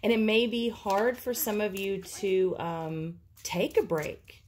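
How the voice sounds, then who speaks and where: A woman's voice: medium pitch, slow, darkish tone, a little hiss or hum. A woman giving an intuitive tarot reading, talking casually and thinking aloud with many fillers. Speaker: tarot reader.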